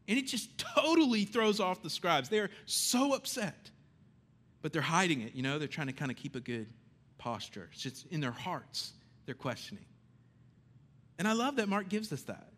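A man preaching a sermon in a conversational, animated way, swinging between loud emphasis and hushed lines. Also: fairly high pitch.

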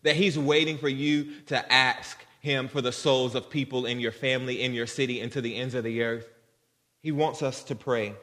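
A man's voice: medium pitch, fairly even intonation, normal speed, a bit bright. Man preaching in a reverberant hall. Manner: conversational, earnest, addresses congregation directly. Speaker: guest preacher. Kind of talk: sermon. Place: church sanctuary.

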